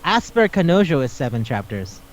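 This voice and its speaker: Animated man retelling manga plots. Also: fairly high pitch, brisk, highs cut off, a crowd in the background. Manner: animated storytelling, acts out characters' lines. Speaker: podcast host. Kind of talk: casual chat.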